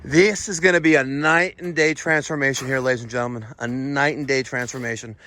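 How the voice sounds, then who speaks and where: A man, vlogging outdoors while servicing air conditioners, excitable and quick to exclaim and laugh. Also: mid-range voice. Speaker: plumbing and HVAC contractor. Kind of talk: on-the-job vlog. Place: outdoors at a house.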